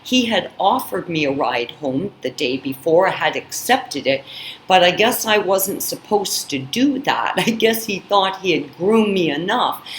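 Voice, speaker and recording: A woman's voice: on the low side, expressive, a little slow. A woman hosting her own channel, telling a personal story in an emphatic way, full of "you know" and "I mean". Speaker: channel host. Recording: echoey room with faint background noise.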